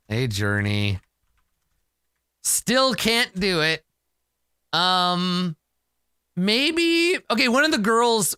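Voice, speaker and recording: A man's voice: a little high, sharp tone, smooth, no room sound, clean studio sound. A man narrating a solo tabletop game in a casual, profane, exasperated ramble.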